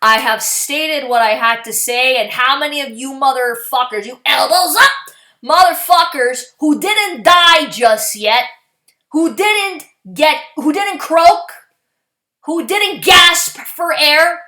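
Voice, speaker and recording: Angry canadian woman swearing through a political rant, high bright voice, slow and echoey. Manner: furious, profane, sarcastic. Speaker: political vlogger.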